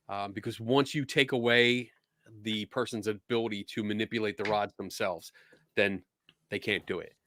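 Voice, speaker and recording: A middle-aged man with a Philadelphia accent hosting a casual chat, easygoing, laughing often and filling pauses with ums. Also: lowish voice, a bit bright, no echo. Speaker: podcast host.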